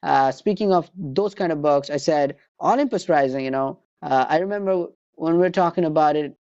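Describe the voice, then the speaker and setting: A man's voice: on the high side, moderate pace, darkish tone, dry recording, lo-fi sound. A man hosting a casual podcast chat, agreeable and hesitant, with lots of "you know". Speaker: podcast host. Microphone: remote call mic.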